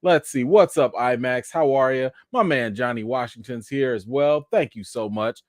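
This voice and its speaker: A man in his thirties or forties hosts a casual live stream, chatty and easygoing, with a casual voice. His voice sits at an ordinary middle pitch. The sound is dry and close, with no room echo. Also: normal speed. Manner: laid-back, chatty, greets viewers by name.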